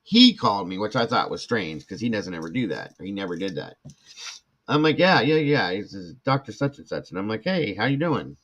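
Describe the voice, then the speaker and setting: An older man rambles through a personal story and acts out every voice in it. His voice sits low, and the lo-fi mic makes it sound dull and muffled. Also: big pitch swings, brisk, a bit bright. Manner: rambling, acts out quoted speech. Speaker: podcast host. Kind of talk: casual storytelling chat.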